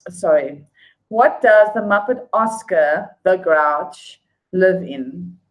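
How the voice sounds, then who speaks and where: A woman hosting a casual trivia night, reading each question slowly and twice, with laughing apologies and humming between questions. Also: lowish voice, low-quality recording. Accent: non-local accent. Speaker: trivia quiz host.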